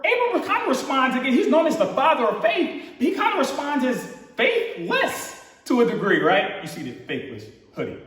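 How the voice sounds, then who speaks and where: A man preaching a casual, conversational sermon in a church, relaxed and slangy, acting out quotes with rising emphasis. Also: very high-pitched, normal speed, few pauses. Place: church hall. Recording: echoey hall from far off.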